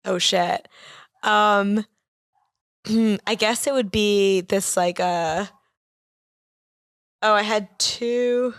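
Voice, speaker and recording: Drawing out her words and pausing often, this young Boston-area woman speaks in a mid-range voice with fairly even intonation and a clean tone. She's a comedian guesting on a podcast, casually telling a long, rambling story full of "like" while performing the quoted voices. It's studio quality, with no echo.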